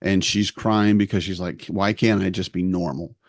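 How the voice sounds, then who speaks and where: A man's voice: sits low, steady tone, normal speed, no room sound, studio quality. A middle-aged man co-hosting a podcast, rambling through a family story and acting out the lines of the people in it. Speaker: podcast co-host. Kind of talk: casual chat.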